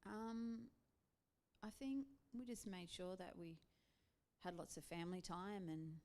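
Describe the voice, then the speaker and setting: An Australian woman talking in a relaxed church interview. She speaks as a pastor's wife, chatty and animated, and laughs readily as she talks. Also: on the low side, unhurried.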